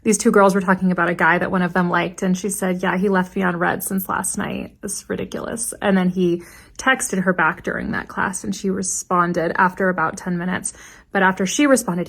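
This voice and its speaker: A young adult woman, a teacher, telling funny classroom anecdotes in a dry, deadpan way and quoting her students. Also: mid-range voice, creaky. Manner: deadpan, wry delivery with quoted student voices. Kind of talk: anecdotal storytelling.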